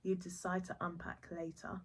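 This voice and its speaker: A woman's voice: fairly low pitch, completely flat delivery, normal speed. A young woman improvising a second-person story for her podcast, chatty and rambling, correcting herself with casual asides. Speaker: podcast host.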